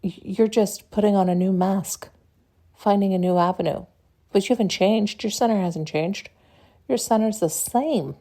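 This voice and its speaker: A woman's voice: medium pitch, moderate pace, warm tone. A woman hosting a solo podcast, talking casually and bluntly, swearing freely and often laughing as she acts out little conversations. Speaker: podcast host.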